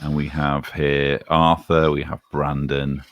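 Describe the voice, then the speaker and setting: A man's voice: very deep voice, level tone, takes it slowly, no echo, highs cut off. A man from England with a Manchester accent hosting a casual livestream chat with dry, self-mocking humor. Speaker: livestream host.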